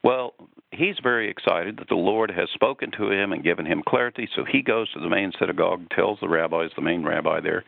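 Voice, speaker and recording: A man calling in as a guest, telling a long story with lively energy. His low voice has a gravelly texture and a dry sound. It comes through a narrow, phone-like line. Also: a little fast, no room sound. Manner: animated storyteller. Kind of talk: casual radio conversation.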